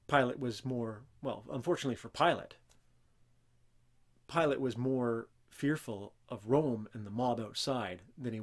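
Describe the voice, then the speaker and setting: A man hosting a Christian teaching show, talking earnestly and emphatically without a script and breaking into raised voices when he quotes scripture. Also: medium pitch. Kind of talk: unscripted religious teaching talk.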